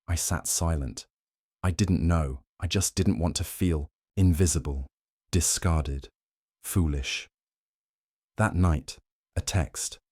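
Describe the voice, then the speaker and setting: Male narrator, very low voice, dry sound, cold and measured first-person story. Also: a little mellow, dry recording.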